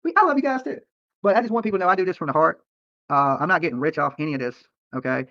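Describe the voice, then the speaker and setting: A man's voice: a little high, very fast, bright, forceful tone, no echo, highs cut off. A man streaming live from a roadside near a protest, talking to viewers in a profane, rambling and defensive way, often tacking on "okay?". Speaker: livestreamer. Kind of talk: livestream rant to viewers.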